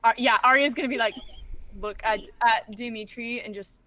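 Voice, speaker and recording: A woman's voice: on the high side, moderate pace, sharp tone, low-quality recording. A woman player in a tabletop role-playing game who jumps in eagerly and talks reassuringly. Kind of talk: in-character tabletop banter.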